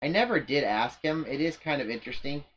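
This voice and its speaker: A man's voice: mid-range voice, animated, a little fast, a bit bright, a little hiss or hum. A man giving casual commentary on his strategy game, rambling and poking fun at his own moves. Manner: rambling, self-mocking, often restarts sentences. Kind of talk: casual let's-play commentary.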